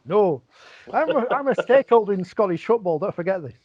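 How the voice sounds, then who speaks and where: A man's voice: sits high, lively intonation, brisk, dry recording. A man hosting a rugby league podcast in casual chat, wry and reading quotes aloud. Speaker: podcast host. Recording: dry, dull lo-fi sound.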